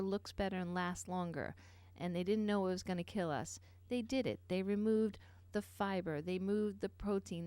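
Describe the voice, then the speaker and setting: A woman's voice: fairly low pitch, darkish tone, no room sound. A middle-aged woman hosting a nutrition talk show, telling a personal story in an earnest way with many fillers and asides.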